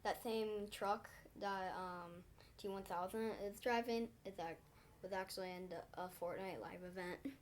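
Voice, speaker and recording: A woman's voice: mid-range voice, fairly even intonation, moderate pace, a little hiss or hum. Giggly young girl chiming in. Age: child. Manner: giggly, chimes in with short remarks. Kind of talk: casual chat.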